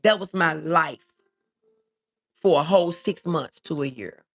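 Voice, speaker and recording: A woman's voice: sits low, unhurried. A woman hosting a casual livestream, reading viewer comments aloud and answering them in an earnest, reassuring way, often repeating her key phrases.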